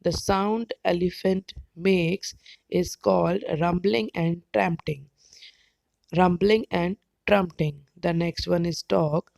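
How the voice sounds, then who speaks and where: A woman teacher with an Indian English accent, explaining slowly and carefully, sometimes spelling words out letter by letter. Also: lowish voice, fairly even intonation, vocal fry, darkish tone, no room sound, low-quality recording. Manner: careful, spells words out, brief animal imitations. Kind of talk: slow educational explanation.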